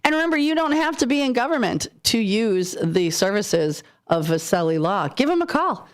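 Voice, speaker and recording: A woman's voice: mid-range voice, big pitch swings, normal speed. A woman hosting a morning radio show, talking in a chatty, teasing, playful way. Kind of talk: casual on-air banter. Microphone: studio microphone.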